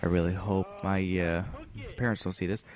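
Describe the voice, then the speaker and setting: A man's voice: deep voice, steady tone, brisk. A teenage boy from the United States telling a rambling story over gameplay, full of fillers and restarts. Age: teens. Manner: rambling, filler-heavy, with restarts and acted-out quotes. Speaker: gameplay commentator.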